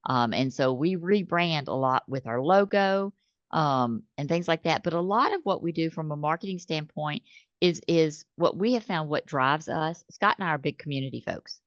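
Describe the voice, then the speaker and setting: Low-voiced woman telling stories. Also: moderate pace, no echo. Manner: animated storytelling, acts out customer calls. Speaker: business owner guest. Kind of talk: conversational interview. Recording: slightly dull dry recording.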